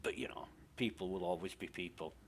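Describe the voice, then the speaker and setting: A man's voice: deep voice, fairly quick, slight background noise. A man, chatting casually while streaming a game, rambling and swearing as he talks, often cutting himself off mid-sentence. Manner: rambling, sweary, self-interrupting.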